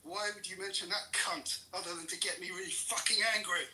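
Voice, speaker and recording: A man's high, piercing voice rings out in an angry, profanity-laden tirade, berating his opponent without pause. The sound is roomy and echoey, picked up from a distance across the room. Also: steady tone. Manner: furious, swears constantly, shouts insults. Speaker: political commentator in a heated debate. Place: room with others present. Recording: roomy echo, distant mic.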